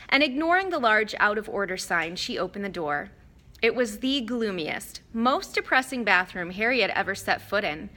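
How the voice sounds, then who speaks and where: Reading scripted audiobook narration, this woman speaks at medium pitch. She tells the story in a measured yet expressive way.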